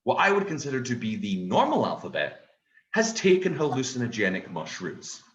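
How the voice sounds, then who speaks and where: A Scottish comedian delivers a stand-up set, telling his story in an animated, sweary way. His voice swoops widely up and down. It rings out in a roomy, echoey space. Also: mid-range voice, brisk, lo-fi sound. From Scotland.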